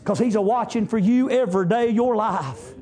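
A man preaching a fervent sermon, rising to shouts and punctuating with amens. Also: high voice, very animated, brisk.

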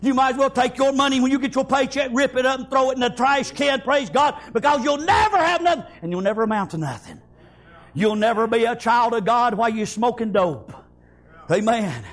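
Male preacher, very high-pitched, fiery sermon delivery, shouts in bursts, rhythmic amens. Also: expressive, brisk. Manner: shouting, rhythmic, repeats praise God and amen.

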